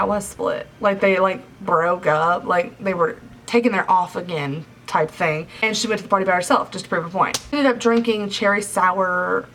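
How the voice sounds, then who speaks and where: A woman's voice: mid-range voice, fairly bright tone. A young adult woman recapping a novel for a book review vlog, chatty and full of 'like' fillers. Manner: chatty, filler-heavy retelling with lots of 'like'. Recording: slightly distant mic, faint background hiss.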